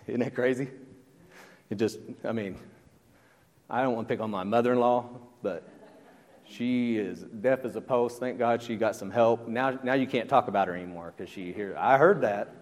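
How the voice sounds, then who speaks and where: A man's voice: medium pitch, moderate pace, long pauses, a little mellow, in a large hall. A man preaching a sermon as pastor, in a conversational way that keeps asking the congregation questions. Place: church.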